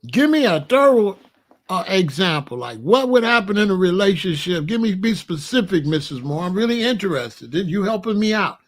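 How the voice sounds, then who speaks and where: Blunt animated man talking to chat. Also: sits high, normal speed. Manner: animated, blunt, colloquial, asks chat for examples. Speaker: livestream host. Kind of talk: casual livestream talk to chat.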